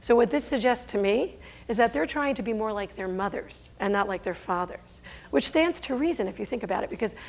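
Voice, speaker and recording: A woman's voice: fairly high pitch, expressive, a little fast, vocal fry. A middle-aged woman giving a conference talk on stage, emphatic and rhetorical, sometimes stumbling and correcting herself. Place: stage before an audience.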